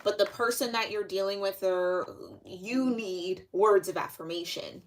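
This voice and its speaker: Unhurried and medium-pitched, a young woman gives a loose, chatty tarot reading. Her talk wanders and is full of fillers.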